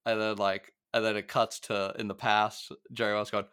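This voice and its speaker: Podcast co-host, male, relaxed and chatty, smooth low voice, dry close mic. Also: no echo. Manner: chatty, laughing, quick asides. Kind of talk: casual podcast chat.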